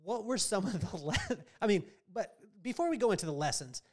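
Male host, high-pitched, playful, probing interviewer. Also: animated, darkish tone. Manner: playful, probing with rapid follow-up questions. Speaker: podcast host. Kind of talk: casual interview.

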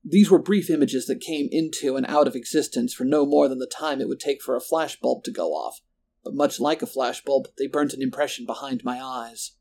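A man reading a first-person horror story in a measured, descriptive way. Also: mid-range voice, vocal fry, a little mellow. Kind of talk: scripted horror narration.

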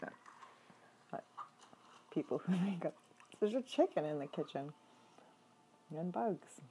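A woman's voice: on the low side, animated, unhurried, warm tone, a little hiss or hum. Joking woman reacting to a game. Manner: joking, talks back to the screen, laughs often. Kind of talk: casual reaction commentary.

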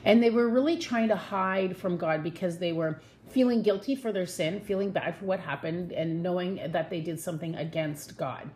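A woman's voice: on the low side, a little hiss or hum. Chatty woman teaching a devotional. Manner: chatty, earnest, warm laughs, slows to stress points. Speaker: Bible teacher. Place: her home.

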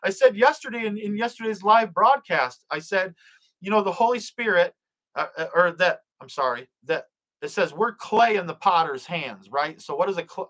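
A man's voice: high-pitched, fairly bright tone, low-quality recording. Fervent man preaching on a livestream. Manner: fervent, repetitive, stumbling over words. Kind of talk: live-streamed prayer and preaching.

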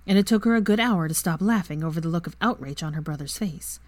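A woman narrating fan fiction with an expressive reading. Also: lowish voice, fast talker, no echo. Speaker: fanfiction reader. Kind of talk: storybook narration.

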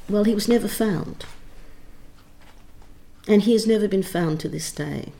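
A middle-aged woman, a theatre director and writer, telling a story in an interview in an expressive, emphatic way with frequent restarts. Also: mid-range voice, unhurried, gravelly. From Australia.

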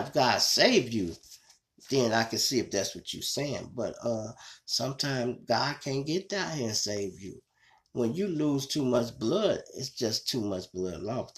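A man with a Chicago accent hosting his own show, telling a true-crime story in a casual, conversational way and often calling his listeners y'all. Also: medium pitch. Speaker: show host.

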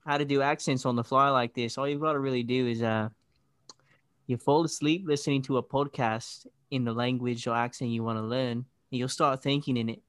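A man's voice: mid-range voice, fairly even intonation, brisk, fairly bright tone, smooth, no room sound, studio quality, close to an everyday voice. A man putting on a Cockney accent to play a cheeky, swaggering young British man who swears casually. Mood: cocky. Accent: Cockney put-on. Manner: swaggering, profane.

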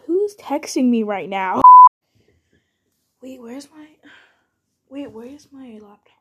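Young woman, high voice, podcast host, casual chat, scatterbrained, keeps restarting. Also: expressive, takes it slowly, darkish tone, husky. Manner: chatty, scattered, self-interrupting with frequent restarts. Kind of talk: casual solo podcast bloopers. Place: at home.

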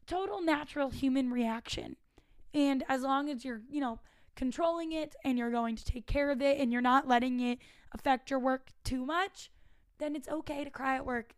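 A young woman in her twenties talks through advice in a high voice, frank and chatty, dropping the odd swear word. The recording is dry and close, with no room sound. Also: no echo. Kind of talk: casual advice monologue.

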